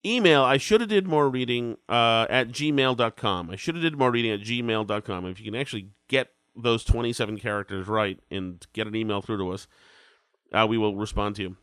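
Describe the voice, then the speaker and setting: A man's voice: fairly low pitch, brisk, fairly bright tone, clear, resonant tone, no echo. A man in his forties hosting a casual podcast, rambling and self-deprecating, with a head cold that makes him sound congested. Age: 40s. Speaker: podcast host.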